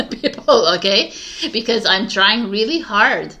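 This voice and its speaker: A woman's voice: mid-range voice, moderate pace, bright, forceful tone. A woman talking as a tarot reader in a casual spiritual monologue, rambling with many fillers and frequent laughter.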